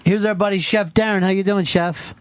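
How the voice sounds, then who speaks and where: A man's voice: sits high, steady tone, fairly quick, clear, resonant tone, no room sound. A man hosting a radio show, chatting loosely with callers and swearing casually. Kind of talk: casual radio talk taking calls. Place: radio studio.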